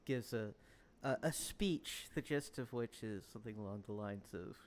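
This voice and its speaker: A man running a tabletop game as game master, narrating with many pauses and filler words. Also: fairly low pitch, slight background noise. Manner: halting, full of filler words.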